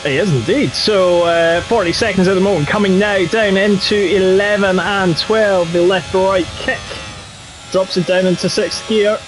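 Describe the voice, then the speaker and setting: A man's voice: sits high, steady tone, moderate pace, over music. A man with a Yorkshire accent commentating a racing game live, chatty and jokey. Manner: chatty and jokey, drifting into banter. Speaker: league race commentator.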